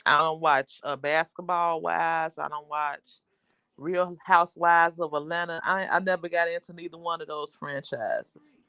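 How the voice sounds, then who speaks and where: A woman's voice: low-pitched, fairly even intonation, unhurried, sharp tone, clean tone, dry recording. A woman hosting a casual livestream, chatting with viewers in a rambling, talkative way. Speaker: livestream host.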